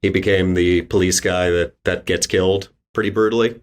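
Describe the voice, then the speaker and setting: Relaxed man sharing movie trivia. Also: sits low, normal speed. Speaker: podcast panelist. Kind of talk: casual movie discussion.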